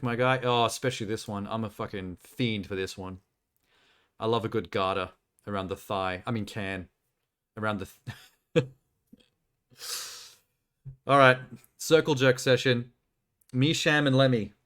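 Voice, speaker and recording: A man's voice: mid-range voice, fairly bright tone. A young man live-streaming, chatting casually and making crude jokes while browsing trailers. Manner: joking, crude, rambling commentary.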